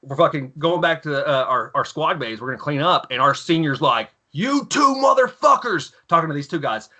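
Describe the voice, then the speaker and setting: Podcast guest, thirties, man; crude, lively storytelling; bright, pushed tone. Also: on the high side, brisk. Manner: profane, animated, acts out yelling officers in his stories. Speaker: podcast guest, former Marine and author. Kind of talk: casual storytelling.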